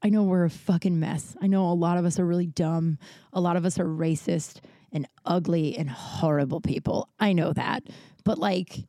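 An American woman comedian telling a story on a podcast, dramatic and animated, swearing freely. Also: on the low side, normal speed, no echo, clean studio sound. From United States. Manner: swears freely, many fillers.

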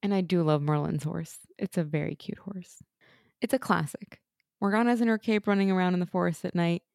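A woman's voice: fairly low pitch, a little fast, vocal fry, darkish tone, no room sound, studio quality. A woman co-hosting a casual podcast, talking through a TV episode with strong opinions, frequent laughs and the odd swear word. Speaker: podcast co-host. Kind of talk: casual rewatch chat.

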